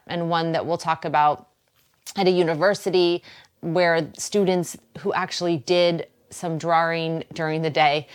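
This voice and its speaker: A woman with a Boston accent hosts a wellness talk show, chatting to the camera in an encouraging way. She laughs easily. Her voice sits a little low. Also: smooth. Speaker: host.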